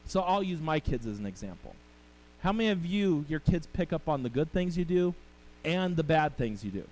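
A man's voice: on the high side, sing-song, normal speed, a little mellow, poor audio. A middle-aged male pastor preaching a sermon, telling family stories and talking with the congregation. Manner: storytelling, conversational with the congregation.

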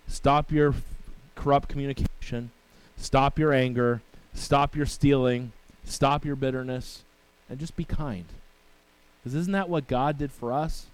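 A man's voice: medium pitch, poor audio. A male pastor preaching a sermon in a conversational way, often asking "right?" and reading scripture aloud. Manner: conversational preaching with rhetorical questions and asides; reads scripture in King James wording.

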